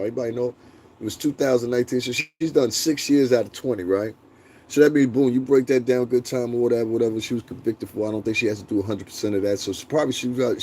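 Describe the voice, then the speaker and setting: A man's voice: medium pitch, warm tone, slight background noise. A young man hosting a casual live stream, talking bluntly and profanely, laughing often and answering his chat. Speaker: livestream host.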